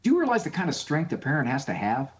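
A man's voice: on the high side, quick pace, muffled recording. A man speaking as a guest psychologist on a call-in radio show, emphatic, acting out quotes. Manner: animated, emphatic, acts out quotes.

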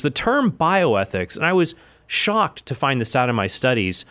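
A man's voice: medium pitch, fairly bright tone, no echo. A man hosting his own podcast from an office, talking casually and chattily, with frequent asides. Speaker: podcast host. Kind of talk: casual solo podcast talk.

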